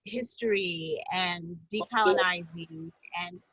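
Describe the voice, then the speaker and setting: Bright enthusiastic woman on muffled call. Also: fairly low pitch, slow, slightly rough, no echo. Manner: enthusiastic, rambling with restarts. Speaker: workshop participant, doctoral student. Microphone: video call.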